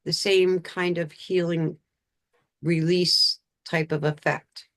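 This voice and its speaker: A woman's voice: lowish voice, little pitch movement, slow, a bit bright. A woman hosting an interview, chatting and jumping in with questions. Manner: chatty, interjects, reads astrology charts. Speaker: host. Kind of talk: casual interview chat.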